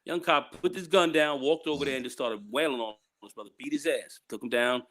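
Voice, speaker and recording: Man, talk-show guest, rambling, filler-heavy, mid-pitched voice. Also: a little fast, fairly bright tone. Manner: rambling, repeats "you know", acts out quoted people. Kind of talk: casual discussion.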